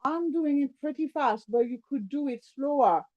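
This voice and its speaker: High-voiced woman guiding a yoga class. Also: moderate pace, lo-fi sound. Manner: calm, step-by-step guiding, demonstrating while talking. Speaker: yoga teacher. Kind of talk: guided yoga class instruction.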